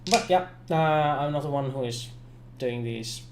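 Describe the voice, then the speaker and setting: A man's voice: medium pitch, unhurried, noisy background. A man acting as game master for an online tabletop game, often stopping and restarting his sentences.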